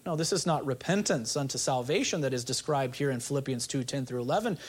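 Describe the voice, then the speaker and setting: A man's voice: medium pitch, quick pace, husky. A male pastor preaching an expository sermon, earnest, asking the congregation rhetorical questions.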